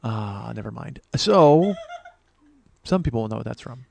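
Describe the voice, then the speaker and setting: A man hosting a solo comedy podcast, rambling and self-mocking, swinging between loud outbursts and mumbled asides. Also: mid-range voice, lively intonation, slow, gravelly, slight background noise. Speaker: podcast host.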